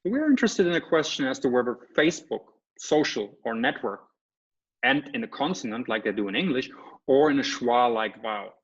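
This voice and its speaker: A man's voice: mid-range voice, animated, a little fast, breathy edge. Man giving a muffled online lecture. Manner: explanatory, checks in with "right?" and "okay?". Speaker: guest lecturer. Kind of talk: academic lecture. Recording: slightly muffled lecture audio.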